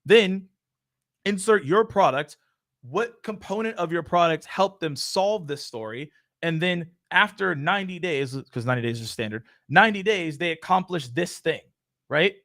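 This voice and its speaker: A young man hosts a live question-and-answer stream. He talks in a high, energetic voice and stays playful, teasing the audience with y'all. He comes across like someone chatting with regular viewers. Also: moderate pace. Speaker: show host.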